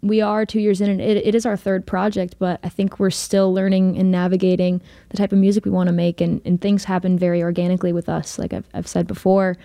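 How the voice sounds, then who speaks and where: A young woman in her twenties, a singer in a band, talks casually in a radio studio interview. Her voice is mellow and relaxed, she laughs often, and she leans on fillers and restarts. The sound is dry and close. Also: on the low side, fast talker, gravelly, few pauses, no room sound.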